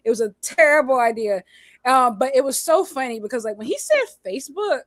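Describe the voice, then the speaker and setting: A high-pitched woman co-hosting a charity livestream tells a story in loose, casual chat. She laughs a lot and slips into other people's voices. The sound is close and dry. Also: a little fast, no echo. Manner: lively, laughs often, acts out other people's lines. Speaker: co-host of a charity stream. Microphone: streaming setup, video call.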